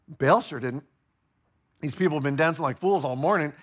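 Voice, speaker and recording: A male pastor preaching a sermon, playful and animated, acting out the voices of the people in the story. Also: a little high, moderate pace, breathy edge.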